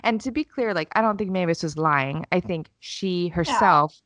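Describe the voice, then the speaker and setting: A woman's voice: on the low side, normal speed, no echo, clean studio sound. A woman in her thirties co-hosting a podcast, telling a story in casual chat and acting out the lines of the people in it with self-mocking humor. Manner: animated storyteller, acts out quotes, self-mocking. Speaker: podcast co-host.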